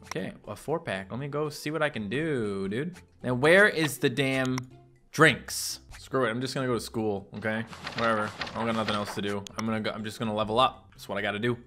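A man giving casual, jokey commentary while playing a video game, swinging between low mumbles and loud excited yelps. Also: brisk. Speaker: gaming YouTuber. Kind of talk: casual let's-play commentary. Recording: faint game music behind.

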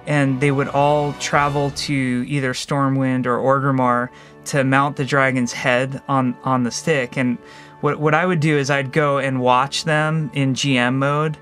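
Thoughtful game designer man, soft music under. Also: mid-range voice, little pitch movement, a little slow. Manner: thoughtful, with restarts and fillers. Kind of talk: reflective interview answer.

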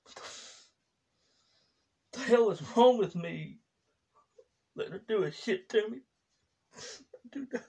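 A man doing a sobbing heartbroken guy in a comedy skit, voice pitched up and soft, whiny and tearful, sometimes fading to a whisper. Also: lively intonation, slow, vocal fry, pauses often, breathy edge, exaggerated voice. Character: weepy heartbroken young man, sobbing over a breakup.

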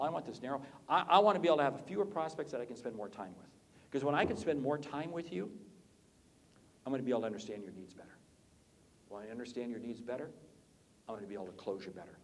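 A man giving an energetic conference keynote on sales, joking with the audience and swinging his voice up and down for effect. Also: a little fast, a little hiss or hum. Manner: animated, swoops pitch up and down, jokes with audience. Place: conference hall.

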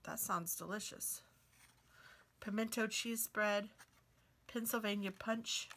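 A woman's voice: mid-range voice, steady tone, slow, fairly bright tone. A woman hosting a casual cookbook walk-through, reading recipes aloud and chatting with delighted exclamations. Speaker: craft and book video host.

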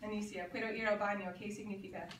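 A woman teaching a high school Spanish class, saying phrases for the students to repeat and then translating them. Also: fairly even intonation, quick pace, fairly bright tone, slight background noise. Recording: echoey classroom from far off.

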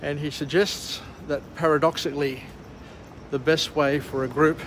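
A man's voice: on the high side, level tone, moderate pace, fairly bright tone, a little hiss or hum. An Australian man hosting a walk-and-talk vlog beside an urban harbour, summarising a book with a rambling, chatty manner. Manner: chatty, rambling with fillers and restarts. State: muffled by a face mask. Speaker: vlog host. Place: outdoors by an urban harbour, walking.

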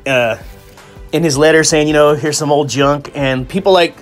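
Male host, casual chat, excitable and rambling, music in the background. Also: on the high side, moderate pace. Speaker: toy channel host.

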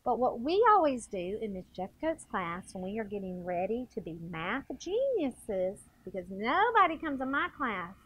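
A woman's voice: a little high, normal speed, hardly any pauses. Bubbly woman teaching kids. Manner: playful, animated, talks straight to kids. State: a little out of breath. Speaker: second grade teacher. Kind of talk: TV math lesson for children.

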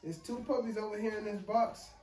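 A man's voice: fairly quick, darkish tone. A man running his dog-breeding vlog, talking loosely to viewers and filling his talk with "y'all" and "man", overwhelmed and frustrated. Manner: loose, repeats "y'all" and "man", trails off low when upset. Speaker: dog breeder and channel host.

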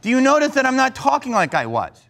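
A man's voice: very high voice, huge pitch swings, fast talker, gravelly, a bit bright. A man acting as a mock judge on a prank show, stern in a joking way and repeating his rulings over and over. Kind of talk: improvised prank comedy.

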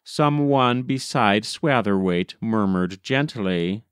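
Male audiobook narrator, measured and gentle, unhurried with a smooth, dry close-up sound. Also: fairly low pitch, lively intonation, no echo. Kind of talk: scripted narration.

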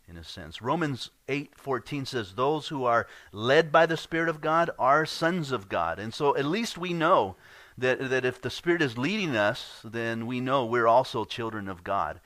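A man's voice: mid-range voice, a bit bright, dry recording. A man preaching a sermon as pastor, earnest and conversational, often repeating words as he goes.

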